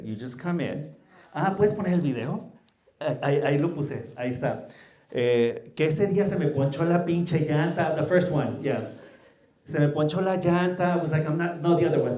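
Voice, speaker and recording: Storytelling man, mellow voice, roomy echo. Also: a little high. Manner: mixes English and Mexican Spanish, lively anecdotes. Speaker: small business founder, panel guest. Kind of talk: animated panel storytelling.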